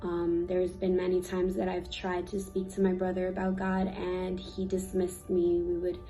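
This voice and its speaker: A young woman sharing a personal faith testimony, earnest and emotional, pausing with fillers and sometimes teary. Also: lowish voice, completely flat delivery, warm tone, faint music behind, rough recording. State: teary at times. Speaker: youth ministry speaker.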